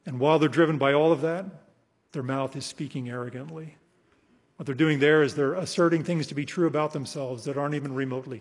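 A man preaching an expository sermon in a slightly husky voice. He leans hard on key words, slows right down for scripture readings and lets his phrases fade away. The sound carries a long reverb, as if from a large hall. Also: mid-range voice. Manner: emphatic, slows for scripture, trails off softly at phrase ends.

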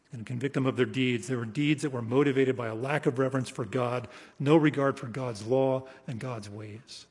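A male preacher giving an expository sermon, emphatic, slowing down to read scripture and trailing off softly at the ends of phrases. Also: medium pitch, steady tone, slightly rough. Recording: long hall reverb.

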